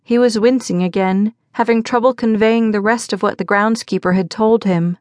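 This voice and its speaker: A woman reading a mystery audiobook aloud, voicing each character with small shifts in pitch. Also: steady tone, moderate pace, a little mellow, no room sound, studio quality. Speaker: audiobook narrator. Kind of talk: scripted narration.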